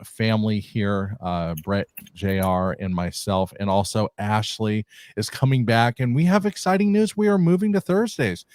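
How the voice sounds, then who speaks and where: A man's voice: mid-range voice, darkish tone, no echo. A man from California hosting a live stream, upbeat and rambling, laughing often. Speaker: podcast host. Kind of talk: casual live-stream chat.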